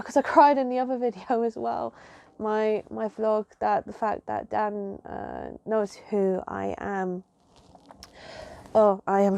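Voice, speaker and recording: A woman talking straight to camera in a casual vlog, her voice low and mellow with a gravelly fry running through it. She rambles emotionally, circling back with fillers and restarts, in a dry, close-sounding room. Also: dry recording. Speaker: vlogger. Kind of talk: casual chat.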